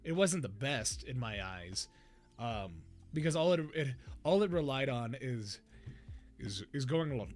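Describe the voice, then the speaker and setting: A man's voice: medium pitch, expressive, moderate pace, soft background music. A man hosting a podcast in casual chat, laughing often and explaining things at length with many restarts. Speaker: podcast host.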